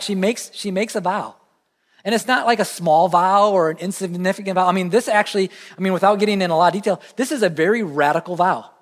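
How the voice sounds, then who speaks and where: Southern male pastor, higher-pitched, earnest conversational preaching, lingering church reverb. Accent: Southern American. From Southern United States. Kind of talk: sermon. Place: church sanctuary.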